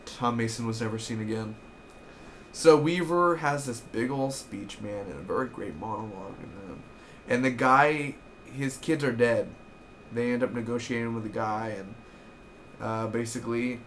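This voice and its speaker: A young man giving an excitable, rambling casual review of a TV episode, with lots of fillers. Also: mid-range voice, a little hiss or hum.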